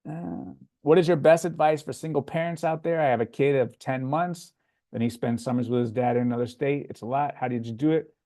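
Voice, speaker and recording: A man with a Floridian accent talks easily through viewer questions, his voice sitting in an ordinary middle register. He's relaxed and conversational, often pausing on an "um" before answering. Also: medium pitch. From Florida, USA. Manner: relaxed, chatty, frequent "um" fillers. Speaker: livestream host answering chat. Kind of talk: casual livestream Q&A.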